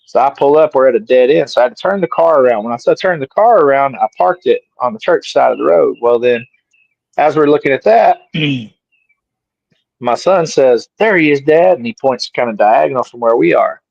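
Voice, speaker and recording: A man's voice: mid-range voice, expressive, a little fast, gravelly, darkish tone, no room sound. A middle-aged man, an interview guest, casually telling a story and animatedly acting out his own lines. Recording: dry, slightly dull sound.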